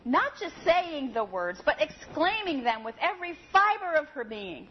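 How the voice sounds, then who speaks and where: A woman preaching a sermon and reading a story aloud with expressive, lively storytelling. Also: sits high, moderate pace, few pauses, a little hiss or hum. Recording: slightly dull audio with faint ambience.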